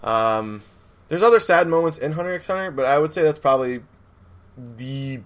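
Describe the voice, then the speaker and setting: A man's voice: a little high, lively intonation, normal speed. A young man hosting a casual chat, rambling with lots of fillers and acted-out quotes.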